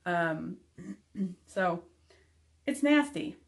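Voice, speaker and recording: A woman's voice: fairly low pitch, lively intonation, very slow. A young adult woman giving a candid, frank recovery update to camera, with frequent ums. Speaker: vlogger.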